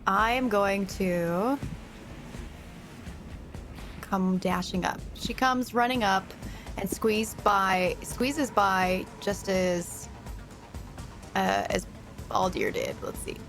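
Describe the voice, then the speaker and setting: A woman playing in a tabletop role-playing game, chatty and giggly, thinking out loud with fillers. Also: medium pitch, extremely slow, long pauses, soft background music. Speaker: player. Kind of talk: tabletop game play, casual.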